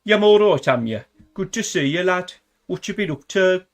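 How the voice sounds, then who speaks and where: Man doing a high, loud, doting Wolverhampton mum, all cheery homely questions. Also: animated, normal speed. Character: chatty older mum with a broad Wolverhampton accent.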